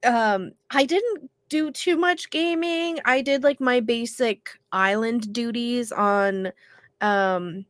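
A woman co-hosting a podcast, still congested from illness, telling an animated story with casual swearing. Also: a little high, slow, no echo, clean studio sound. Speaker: podcast co-host.

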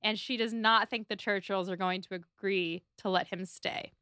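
Bright-voiced woman chatting casually. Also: medium pitch, fairly even intonation, moderate pace, clear, resonant tone, dry recording, studio quality. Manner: chatty, summarizing plot with playful asides. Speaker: podcast co-host. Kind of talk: casual book-club chat.

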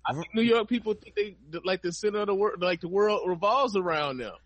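A man's voice: sits high, a little fast, no room sound. A male podcast guest in casual comedic chat, blunt, profane and emphatic.

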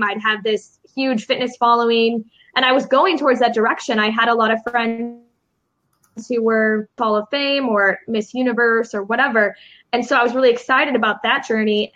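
A woman's voice: a little high, a bit bright, lo-fi sound. A woman from Chicago, a guest on an interview show, telling her story in an upbeat way. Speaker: guest, confidence mentor. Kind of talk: casual interview chat.

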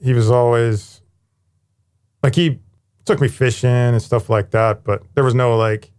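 A man in his forties talks through his past with blunt, lively candor and drops the odd swear word. His voice sits at an ordinary middle pitch. It has the loose feel of a relaxed conversation. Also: unhurried, clear, resonant tone. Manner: candid, animated storytelling with casual swearing. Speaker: interview guest, former firefighter paramedic. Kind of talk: casual storytelling conversation.

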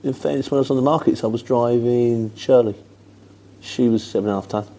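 A man's voice: mid-range voice, steady tone, a little fast, warm tone. A middle-aged man from Luton with a Mockney market-trader accent, chatting casually as a truck driver answering viewer questions, rambling and plain-spoken with lots of fillers. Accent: Luton, with a Mockney market-trader twang. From England.

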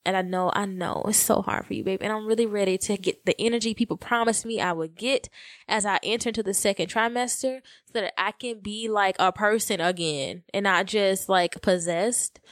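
A woman's voice: medium pitch, no echo. A pregnant, tired woman co-hosting a podcast in casual chat, talking in an earnest, chatty and grateful way. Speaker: podcast co-host.

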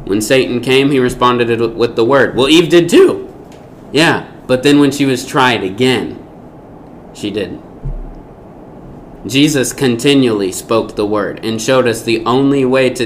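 Guy teaching a bible lesson, mid-pitched voice, lots of punchy rhetorical questions, faint hiss behind. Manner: emphatic, asks rhetorical questions.

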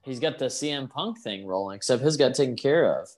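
A man co-hosting a podcast, relaxed and joking crudely while he watches a wrestling match, laughing often. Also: mid-range voice, fairly quick. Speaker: podcast co-host. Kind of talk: casual watchalong chat.

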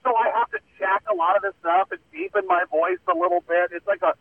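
A man's voice: sits high, big pitch swings, fast, vocal fry, no echo. Rambling man on a tinny phone line. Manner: rambling, self-mocking, many fillers. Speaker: radio host guest. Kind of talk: casual chat.

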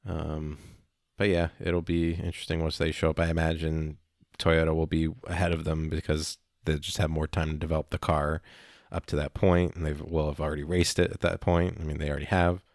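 A man chatting casually as a podcast co-host, rambling and halting with many fillers. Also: a bass voice, little pitch movement, no room sound, studio quality. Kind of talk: casual chat.

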